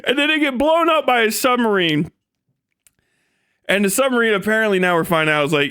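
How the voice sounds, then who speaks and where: A man with a high, bright, sharp voice rants on a live stream. He swears constantly, mocks as he goes, and keeps cracking himself up. He slips into jokey put-on voices for the people he quotes. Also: lively intonation, fairly quick, clean tone. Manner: profane, mocking, laughs often while riffing. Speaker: livestreamer. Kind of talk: live stream commentary rant.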